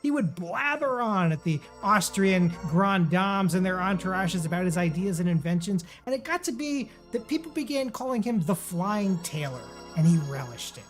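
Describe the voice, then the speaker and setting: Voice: medium pitch, big pitch swings, normal speed, hardly any pauses, faint music behind. A playful, theatrical host running comedic game show banter. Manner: playful, theatrical, lots of fillers.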